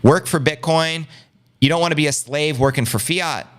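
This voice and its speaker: Speaking at a moderate pace with a fairly high pitch, a Long Island man with a New York City area accent runs a casual live stream. He reads the chat aloud, stays animated and full of hype, and treats viewers as family.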